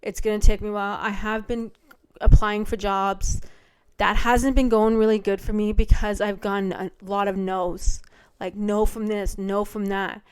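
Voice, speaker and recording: A middle-aged woman talks through her podcast at home in a loose, rambling way, full of ums and likes. Her voice is smooth and clear, sitting at an ordinary pitch for a woman. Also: flat delivery, moderate pace. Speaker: podcast host. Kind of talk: casual solo podcast chat. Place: home, by a window.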